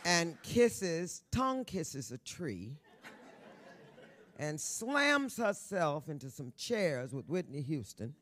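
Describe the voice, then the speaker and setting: On stage at a live event, a guest author in her sixties tells stories straight to the audience, brassy, bawdy and loud, laughing often. Her voice is low-pitched and very animated, and she speaks slowly.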